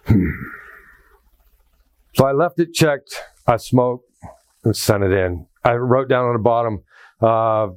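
A man's voice: fairly low pitch, lively intonation, a little slow, pauses often, no room sound. A middle-aged man preaching a sermon, telling personal stories with asides to the congregation. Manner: folksy storytelling with asides to the congregation. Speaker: pastor.

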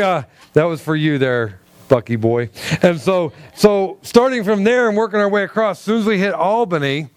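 A man, a pastor, telling a personal story in a sermon with relaxed humor, dropping his voice low when he quotes what he heard. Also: no echo. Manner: conversational, self-deprecating humor, acts out quotes in a lower voice.

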